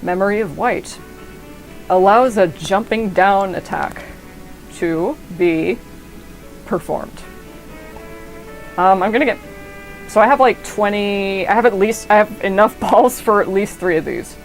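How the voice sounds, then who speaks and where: A young woman streamer talks through her game at an unhurried pace, profane and rambling, often restarting her sentences. Quiet game music plays under her voice. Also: medium pitch, poor audio. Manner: rambling, profane, self-interrupting. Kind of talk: casual gameplay commentary. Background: faint game music.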